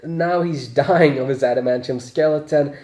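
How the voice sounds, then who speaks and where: A man's voice: medium pitch, moderate pace, darkish tone, reverberant. A man chatting through a casual movie review, laughing often and swearing freely.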